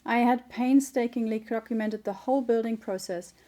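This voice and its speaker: Woman narrating her memoir, mellow tone. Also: on the high side. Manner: calm, measured storytelling. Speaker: author reading her memoir. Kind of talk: audiobook narration.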